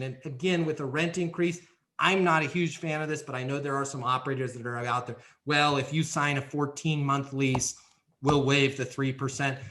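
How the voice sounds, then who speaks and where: A man with a fairly high voice talks on a podcast in a coaching style. He is emphatic and checks in often with quick tag questions. His tone is bright and forceful. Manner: emphatic, repeats key phrases, frequent "right?" and "okay?". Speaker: guest speaker on leasing and renewals. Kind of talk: energetic coaching talk with role-played examples.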